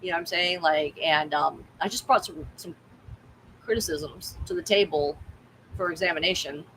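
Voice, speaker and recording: A woman's voice: on the low side, normal speed, a bit bright, slight background noise, poor audio. Blunt, rambling woman streaming live. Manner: candid, rambling, blunt, swears freely. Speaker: tarot reader and livestream host. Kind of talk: casual livestream chat.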